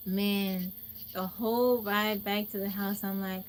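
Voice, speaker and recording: A woman hosting a phone livestream, telling a childhood story to her chat in a chatty, animated way with laughs. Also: mid-range voice, slow pace, slight background noise. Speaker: livestream host. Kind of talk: casual storytelling to a live chat. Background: crickets and insects.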